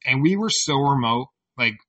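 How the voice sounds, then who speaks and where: A man's voice: medium pitch, lively intonation, moderate pace, fairly bright tone, recorded from a distance. A man co-hosting a podcast, telling a story in loose casual chat, rambling and swearing freely. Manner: rambling, swears freely, retells with quoted voices. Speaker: podcast co-host.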